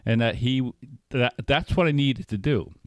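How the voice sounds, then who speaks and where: A man's voice: mid-range voice, measured pace, dry recording. A middle-aged man, co-hosting a recovery podcast, telling a personal story in a rambling way, often checking in with "right?". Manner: rambling, frequent restarts and "right?" tags. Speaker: podcast co-host.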